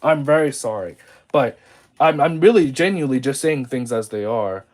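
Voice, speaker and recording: A young male streamer talking off the cuff to his viewers. He rambles from one thought to the next, reads comments out loud and often restarts his sentences. His voice sits at an ordinary middle pitch. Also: animated, normal speed, rough recording. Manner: rambling, reads chat comments aloud, many restarts and fillers. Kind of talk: casual live-stream chat.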